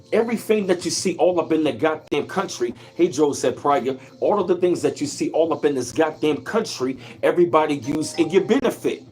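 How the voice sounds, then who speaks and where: High-voiced guy going off on a livestream, preachy and fired up, faint music behind. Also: a little mellow. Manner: fiery, preachy, repetitive, profane. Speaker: livestream host.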